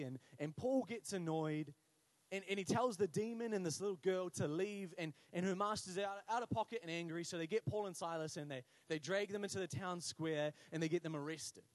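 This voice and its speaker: A man's voice: high voice, no room sound. A young man preaching a sermon, telling funny stories and acting out voices. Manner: animated storytelling with acted voices and humor.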